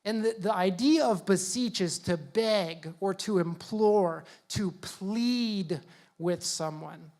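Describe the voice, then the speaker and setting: A youth pastor preaching to young people in a casual, joking, conversational way. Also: male voice, sits high, slow, a little mellow. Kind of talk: youth sermon.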